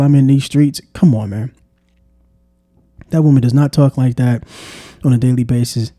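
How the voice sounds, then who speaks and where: A man talks straight to the camera in a casual, exasperated commentary style. His voice is dark and mellow and sits a bit high for a man. It is recorded close and dry, with no room echo. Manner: exasperated, repeats "come on, man". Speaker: vlogger. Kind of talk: casual political commentary monologue.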